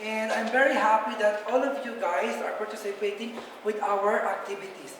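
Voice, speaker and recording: A woman's voice: on the high side, steady tone, normal speed, noisy background. Woman, young adult, student teacher, encouraging, repeats points, distant mic, long room echo. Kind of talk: classroom teaching demonstration. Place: classroom, echoey. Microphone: far camera. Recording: echoey classroom from far off.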